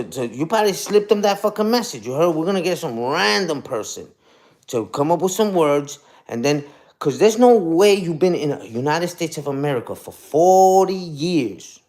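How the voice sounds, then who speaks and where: A man on a casual live stream, mocking someone in a loose, taunting rant. His voice sits a bit high for a man and swings widely up and down as he jabs and repeats himself. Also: a little mellow. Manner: taunting, repetitive, peppers lines with "you heard?".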